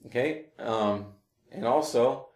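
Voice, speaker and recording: A man teaching clarinet in a casual, relaxed way, talking through his points with frequent fillers. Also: medium pitch, takes it slowly. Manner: relaxed, explains with fillers and demonstrations. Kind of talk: casual instructional talk. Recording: roomy echo.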